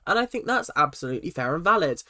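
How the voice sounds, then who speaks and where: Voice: mid-range voice, quick pace, no room sound. Exasperated vlogger ranting, dry sound. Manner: exasperated, animated ranting with frequent restarts. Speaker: reaction vlogger. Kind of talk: ranting reality-show recap.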